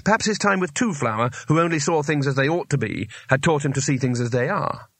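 A male narrator reads a comic fantasy novel in a measured, expressive way, with a lively, varied pitch. The recording is dry and close, with no room sound at all. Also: no echo. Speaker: audiobook narrator. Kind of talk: scripted narration.

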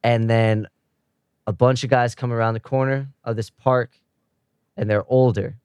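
A man's voice: mid-range voice, steady tone, a little slow, a little mellow, clear, resonant tone, no echo, studio quality. A man casually recapping the plot of a show's first episode, slipping now and then into the characters' quoted lines as he tells it.

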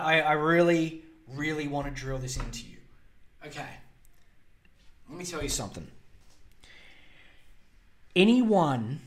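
A man's voice: a little high, fairly bright tone. A young man hosting a solo podcast, ranting sarcastically and swearing freely. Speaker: podcast host.

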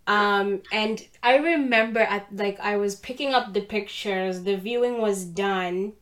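A woman chatting casually, telling a story with lively acted-out voices of other people. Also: mid-range voice, a little slow. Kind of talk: casual chat.

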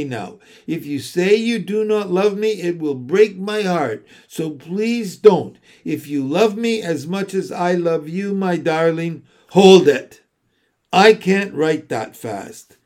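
A man's voice: high voice, darkish tone, exaggerated voice. A man doing a bossy, clever young girl.

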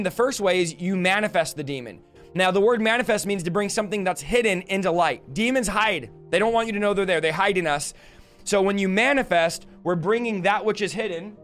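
A man's voice: high voice, a bit bright. A young man, a deliverance minister, teaching earnestly on a livestream with lists and rhetorical questions.

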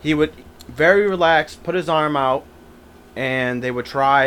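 A man co-hosting a casual podcast, chatting and telling a family anecdote, dropping to quiet voices for quotes. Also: mid-range voice, measured pace, clean tone. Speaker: podcast co-host. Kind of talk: casual chat.

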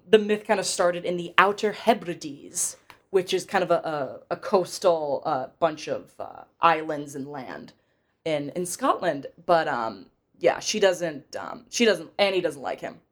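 Woman, podcast co-host, slightly low voice, rambling film recap, lots of fillers. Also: lively intonation, unhurried. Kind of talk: casual film-review chat.

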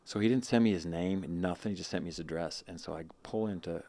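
Deep-voiced man telling a rambling story. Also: quick pace, a little mellow. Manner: rambling, many restarts and quoted asides. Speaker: guest. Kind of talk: casual storytelling.

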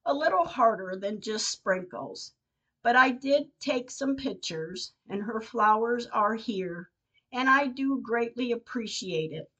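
A woman's voice: fairly high pitch, expressive, slow pace, fairly bright tone. An older woman, a podcast host, reading her personal diary entries aloud in an earnest, heartfelt way. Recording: dull lo-fi recording.

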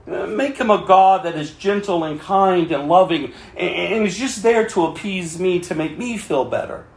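A man preaching a sermon as pastor, swinging from fervent cries to quiet pleading. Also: high-pitched, normal speed, reverberant.

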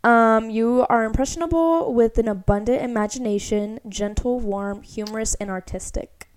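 A young woman talks through a friend's horoscope in easy, casual podcast chat. Her voice sits a little on the high side, and she scatters "like" and "um" through her sentences as she reads and riffs. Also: normal speed. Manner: chatty, heavy use of "like". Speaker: podcast co-host. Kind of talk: casual chat, reading an astrology chart aloud.

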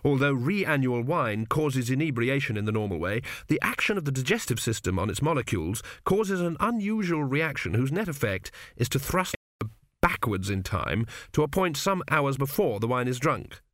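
A man narrates an audiobook in a measured, dry storytelling manner, at a middle pitch. He is close to the mic, with a dead, dry studio sound. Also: big pitch swings, a bit bright, dry recording.

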